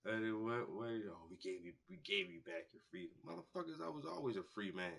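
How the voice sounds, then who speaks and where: A man hosting a painting show, telling stories in a loose, profane, animated way and acting out the people he quotes. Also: fairly low pitch, quick pace, creaky, slightly rough. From United States. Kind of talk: casual storytelling monologue.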